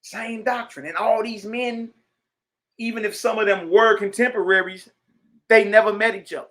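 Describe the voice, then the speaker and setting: This man's voice is high and a little bright, with a steady tone and an ordinary pace. Teaching a religious lesson, he reads passages and remarks on them, preaching emphatically yet conversationally and addressing listeners directly.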